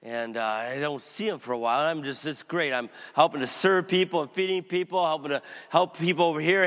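Man preaching in an echoing church. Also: brisk. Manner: storytelling, swings from loud emphatic to quiet and low. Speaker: pastor. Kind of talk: sermon.

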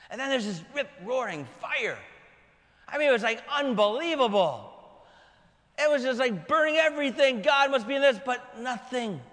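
A man preaching a sermon in a dramatic manner, swinging from shouting to hushed whispers. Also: extremely high pitch, animated, moderate pace, in a large hall.

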